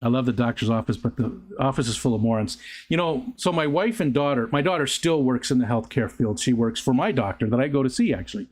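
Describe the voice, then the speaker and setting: Older male livestream host, casual halting chatter, reads comments and drifts between topics. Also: mid-range voice, expressive. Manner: rambling, halting, with frequent restarts and fillers. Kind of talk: casual live chat reading viewer comments. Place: outdoors near a pond.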